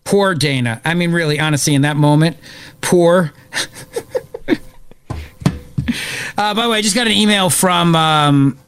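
A man hosting a radio talk show, joking around with his co-hosts in an animated way and laughing often. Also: on the high side. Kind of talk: casual radio banter.

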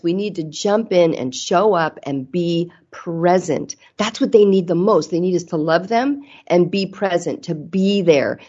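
A woman's voice: lowish voice, darkish tone, lo-fi sound. A middle-aged woman talking earnestly and reflectively about parenting in a casual conversation, the mother of grown children. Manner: earnest, reflective, acts out quoted mom voices. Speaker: guest.

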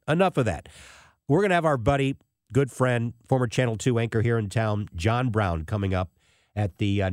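A man in his sixties hosting a radio talk show, telling a rambling, animated story with many restarts. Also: on the low side, no room sound, clean studio sound. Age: 60s. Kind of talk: casual talk radio monologue.

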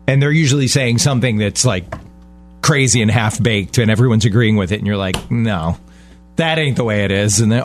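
A middle-aged man co-hosting a radio show, chatting in an animated, joking way. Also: lowish voice, a little fast, faint music behind. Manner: animated, joking, mock-jealous. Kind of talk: casual radio banter.

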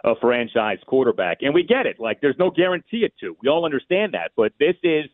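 A man giving measured, opinionated analysis on sports radio, thinking aloud with small restarts. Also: mid-range voice, big pitch swings, no echo. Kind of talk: call-in sports radio talk. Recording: tinny phone line.

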